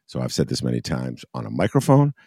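A man's voice: extremely low pitch, fast, creaky, husky, dry recording, studio quality. A man hosting a political talk show, talking heatedly and working himself up. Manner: heated, builds from calm to ranting.

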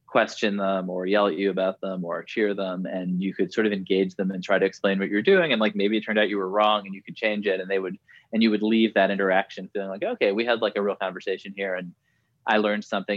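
A man's voice: low-pitched, little pitch movement, fast talker, no room sound, highs cut off. A man, a journalist guest, talking thoughtfully in a casual interview and filling his speech with "like.". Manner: thoughtful, hedging, lots of "like".

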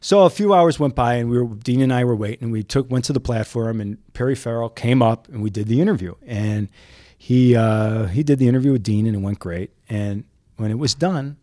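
A man's voice: medium pitch, fairly quick, no echo, clean studio sound. A man from Chicago, a news photojournalist, telling stories as a guest in a casual chat. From Chicago, USA. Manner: animated, lively storyteller.

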